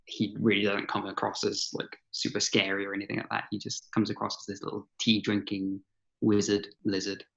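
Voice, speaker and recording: A man's voice: on the low side, monotone, brisk, creaky, a bit bright, lo-fi sound. A man talking hesitantly as a guest on a casual podcast chat, often stammering and laughing shyly. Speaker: podcast guest, dungeon master.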